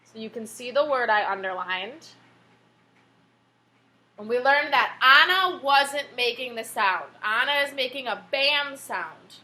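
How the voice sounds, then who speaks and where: A female elementary teacher runs an online read-aloud session by video call, gently encouraging the kids and asking questions along the way. Her high-leaning voice is animated and unhurried, with a pushed, bright sound.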